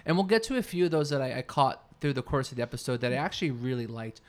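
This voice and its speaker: A man's voice: mid-range voice, lively intonation, racing. A man co-hosting a podcast in casual chat, rambling and searching for his words mid-sentence. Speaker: podcast co-host.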